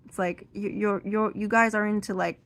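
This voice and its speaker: A woman's voice: mid-range voice, steady tone, moderate pace, a bit bright. A young woman from the United States doing an amateur stand-up monologue, ranting indignantly with some profanity. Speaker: amateur comedian.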